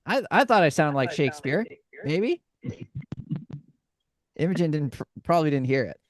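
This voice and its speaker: A man's voice: on the high side, big pitch swings, moderate pace, low-quality recording. A man hosting a casual online game show, talking in an upbeat, rambling way. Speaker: game host.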